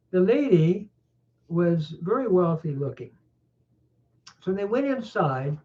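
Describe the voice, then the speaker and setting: A man teaching a Bible chapter verse by verse, reflective and unhurried, pausing often with small fillers. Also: fairly high pitch. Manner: reflective, with frequent pauses and fillers. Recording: tinny phone-like sound.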